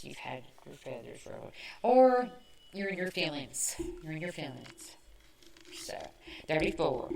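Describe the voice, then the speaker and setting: A podcast host from the American South, with a Southern accent and a lowish, creaky voice, chats slowly and casually, poking fun at herself and tossing in quick asides. She sounds somewhat distant from the mic, in a room with echo.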